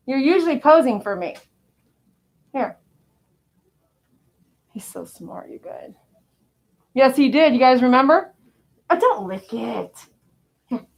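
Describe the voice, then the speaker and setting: A woman dog groomer on a live stream, cooing affectionately as she talks to a dog. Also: sits high. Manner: cooing, affectionate talk to a pet.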